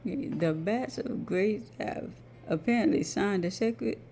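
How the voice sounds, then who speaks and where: A woman's voice: medium pitch, measured pace, mellow, soft background music. A woman casually commenting on a game as she plays, reading its dialogue aloud and joking about her own accents. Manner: playful, self-mocking, laughs at own accents. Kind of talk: casual gameplay commentary with read-out character voices.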